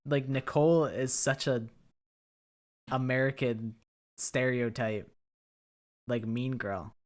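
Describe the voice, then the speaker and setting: A man's voice: mid-range voice, steady tone, slow. A man streaming a game, reading the dialogue aloud and chatting casually, swearing now and then.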